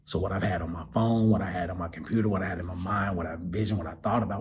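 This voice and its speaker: A man hosting a podcast, telling a personal story in an animated way that sinks into soft, choked-up near-whispers. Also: sits low, racing, few pauses, a little hiss or hum. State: choked up, close to tears. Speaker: podcast host.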